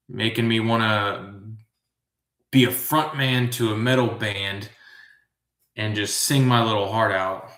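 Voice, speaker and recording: A man hosting a live trivia stream, reading questions slowly and drifting into musing asides. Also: on the low side, bright, forceful tone, roomy sound. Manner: slow, drawn-out, musing asides. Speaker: trivia host.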